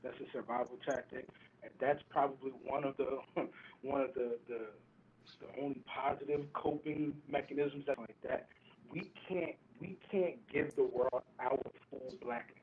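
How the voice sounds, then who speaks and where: A man joining a casual podcast discussion as a guest, speaking in a thoughtful, halting way with frequent ums. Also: medium pitch, fairly even intonation, slight background noise. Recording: tinny phone-like remote line.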